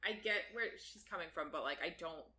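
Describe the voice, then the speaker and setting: A woman's voice: lowish voice, a little fast, bright, forceful tone. A woman co-hosting a podcast, chatting casually as she recaps a book, laughing often and swearing freely. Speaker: podcast co-host.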